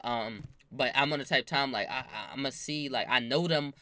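A man's voice: mid-range voice, normal speed. A young man telling a story in casual slang, acting out the voices of the people in it. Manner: animated, acts out quoted voices, slangy.

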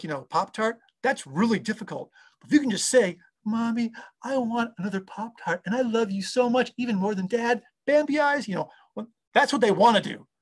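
In a relaxed interview, a man in his fifties who engineers audio software rambles with enthusiasm and keeps cutting himself off. He has a high voice.

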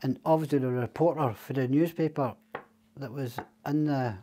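Scottish male guest, mid-pitched, rambling and profane, casual storyteller. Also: normal speed, mellow, a little hiss or hum. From Scotland. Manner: rambling, swears a lot. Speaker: podcast guest.

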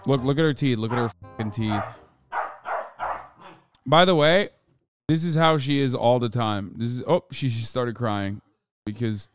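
A man's voice: medium pitch, measured pace, long pauses, a little hiss or hum. A man in his thirties streaming live, talking casually and profanely, ranting at his chat while dogs bark nearby. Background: dogs barking.

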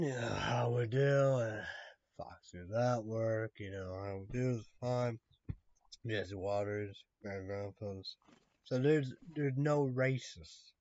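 Rambling slow-talking man, lo-fi. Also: lowish voice, darkish tone, dry recording. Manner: rambling, repeats "you know", swears when outraged. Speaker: vlogger. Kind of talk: rambling casual monologue. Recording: dull lo-fi dry sound.

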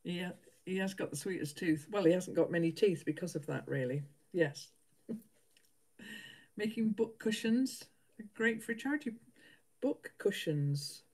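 A woman's voice: on the low side, a little mellow. A middle-aged woman, chatting casually with live viewers while she sews, laughing often. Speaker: livestream host.

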